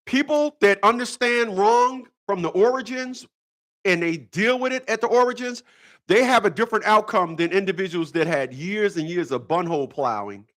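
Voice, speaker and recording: A man's voice: high voice, expressive, moderate pace, a bit bright. A man hosting a casual livestream talk, rambling, repeating himself and breaking into laughter. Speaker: channel host.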